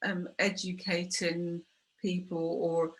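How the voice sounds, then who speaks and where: A woman's voice: lowish voice, little pitch movement, takes it slowly, low-quality recording. Hesitant middle-aged woman hosting. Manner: hesitant, with many fillers and restarts. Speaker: host. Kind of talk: conversational interview.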